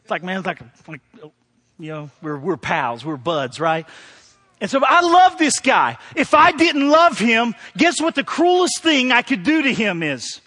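Pastor guy preaching at a church service, really high bright voice, chatty, keeps asking the crowd questions. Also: sing-song, measured pace, big-room sound. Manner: conversational, asks the congregation questions. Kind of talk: sermon.

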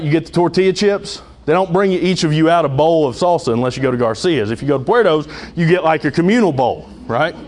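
A man's voice: fairly high pitch, a little mellow. A man preaching a sermon as pastor, conversational with humorous asides and dramatic retellings.

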